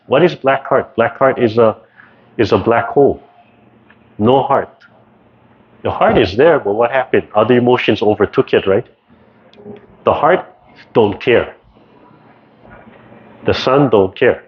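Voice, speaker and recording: A man's voice: medium pitch, unhurried, long pauses, breathy edge. A man teaching a tai chi class over a video call in a casual way, ending nearly every phrase with "right?". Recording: dull lo-fi video call audio.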